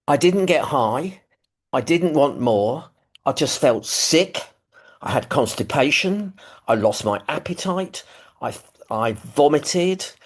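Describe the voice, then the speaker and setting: Man with a London accent on a video call, rambling, self-deprecating testimony, pitch mid. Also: slightly rough. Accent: London English. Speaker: recovery meeting speaker. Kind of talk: personal testimony, casual. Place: living room at home.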